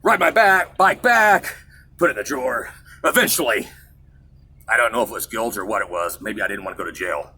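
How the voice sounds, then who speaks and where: A man's voice: on the low side, animated, a little fast, pushed and bright, husky. A middle-aged man from Kansas hosting his own show, rambling through a story in a digressive, self-mocking way. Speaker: show host. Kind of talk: casual rambling monologue.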